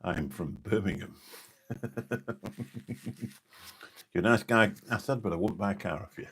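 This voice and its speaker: A man's voice: fairly low pitch, moderate pace, fairly bright tone, a little hiss or hum. A man from Lincolnshire, chatting casually and jokily on a late-night live stream, rambling between viewers' comments. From Lincolnshire, England. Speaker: live streamer reading chat.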